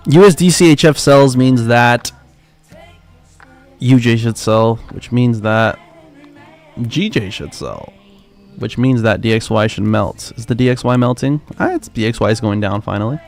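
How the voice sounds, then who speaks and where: A young man hosting a live trading stream, chatting casually with excitable, profane, slangy banter. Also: medium pitch, unhurried, creaky, faint music behind. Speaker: livestream trading host.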